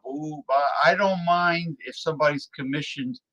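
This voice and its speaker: A man's voice: on the high side, normal speed, a crowd in the background, rough recording. A man in casual talk show conversation, speaking emphatically and often stopping to restart his sentences. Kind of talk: casual chat.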